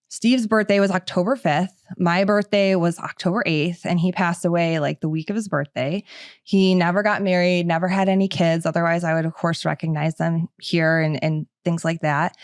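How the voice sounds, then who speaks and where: A woman's voice: fairly low pitch, normal speed, no room sound. Middle-aged woman, podcast host, chatty and casual, lots of fillers, dry close sound. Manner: chatty, filler-heavy with frequent "like".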